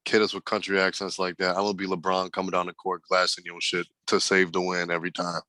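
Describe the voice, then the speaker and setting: A man's voice: sits low, completely flat delivery, quick pace, bright, forceful tone, dry recording. A man co-hosting a podcast, teasing his friend in blunt slang during casual chat. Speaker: podcast co-host.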